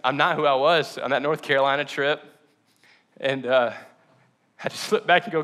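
A bright, forward-voiced young man delivers a personal sermon with an earnest, confessional pull. He is emotional and close to tears, laughing a little at himself, stumbling and restarting between phrases. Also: mid-range voice, fairly even intonation, normal speed, long pauses. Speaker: pastor.

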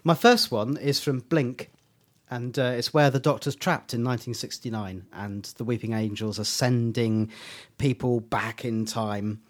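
A man's voice: mid-range voice, measured pace, hardly any pauses. A man co-hosting a casual fan podcast, animatedly recounting favourite quotes and slipping into voices. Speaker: podcast co-host.

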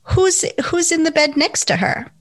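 A woman chatting casually about a TV episode, enthusiastic and quick with asides. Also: extremely high pitch, lively intonation. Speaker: co-host. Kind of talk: casual TV recap chat.

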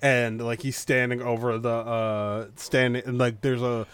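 Animated man ranting on a podcast. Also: medium pitch, measured pace, clear, resonant tone. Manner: animated, filler-heavy, mimics voices. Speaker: podcast host. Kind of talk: casual podcast chat.

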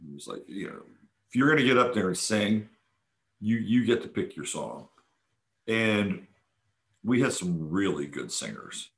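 Talking in an unhurried, sing-song way with long pauses, a podcast host with a lowish voice gushes about a weekend event. His casual monologue is packed with fillers and false starts.

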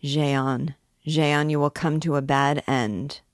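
A woman's voice: deep voice, steady tone, unhurried, no room sound, clean studio sound. A woman reading as Dom Claude, grave stern archdeacon. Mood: warning. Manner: grave, admonishing. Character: stern gloomy middle-aged male archdeacon.

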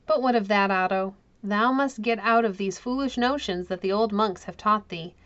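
A woman's voice: mid-range voice, normal speed, a bit bright, muffled recording, lightly acted. Woman reading as a grim medieval baron. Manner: grim, commanding. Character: stern grim medieval baron, middle-aged man.

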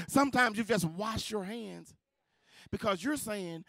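High-pitched preaching man. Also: lively intonation, measured pace, vocal fry, no echo. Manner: rising into shouted, sung preaching with call-and-response; drops to a low, intimate delivery. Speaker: pastor. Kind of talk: sermon.

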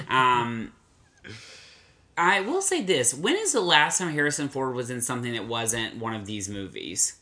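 Bright-voiced man chatting about movies. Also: medium pitch, unhurried. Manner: animated, acts out his own reactions in quotes. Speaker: podcast co-host. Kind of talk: casual chat about movies.

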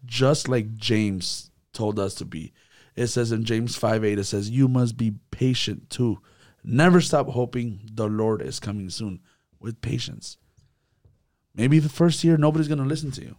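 Animated man leading a youth group talk. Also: medium pitch, moderate pace. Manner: animated, acts out quotes, repeats words. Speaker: youth leader.

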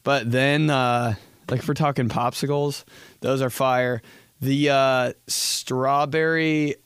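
A man's voice: medium pitch, fairly even intonation, slow, smooth, dry recording, clean studio sound. Profane rambling young podcast host, man. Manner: profane, rambling, jokey storytelling. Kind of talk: solo casual podcast chat.

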